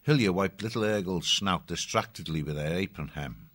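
Deep-voiced male storybook narrator. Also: moderate pace, a bit bright, no room sound. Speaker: audiobook narrator.

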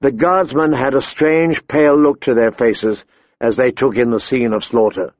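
A man narrating a fantasy audiobook in a measured, deliberate storytelling manner. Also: mid-range voice, fairly even intonation, a little mellow, dry recording. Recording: slightly dull, dry recording.

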